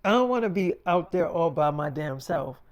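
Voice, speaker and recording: A woman's voice: lowish voice, lively intonation, moderate pace, lightly acted. A man doing a clingy, fond young woman. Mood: pleading. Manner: soft, fond.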